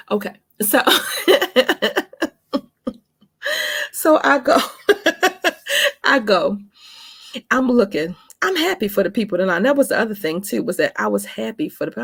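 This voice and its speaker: A woman's voice: on the low side, gravelly, slightly rough, no echo, clean studio sound. A woman in her forties telling a personal story in a casual vlog, chatty and emphatic, calling her viewers honey and baby. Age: 40s. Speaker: vlogger.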